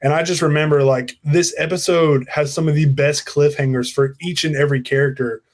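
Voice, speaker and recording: A man's voice: a little high, brisk. A young man from the United States co-hosting a casual chat, telling stories in a loose, rambling way. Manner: relaxed, rambling storyteller. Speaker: co-host.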